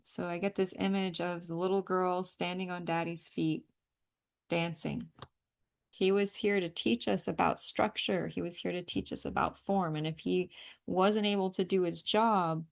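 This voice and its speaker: A woman leading a group energy clearing session, coaching listeners through breathing and tapping with emphatic, outspoken encouragement and the occasional swear word. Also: lowish voice. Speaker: energy healing facilitator.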